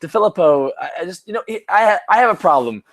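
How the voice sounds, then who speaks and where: A man co-hosts a casual sports chat while a little drunk. His voice sits somewhat high, and he rambles, swears freely and restarts his sentences over and over. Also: lively intonation, fast, a bit bright. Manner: rambling, profane, many restarts. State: tipsy from drinking. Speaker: podcast co-host.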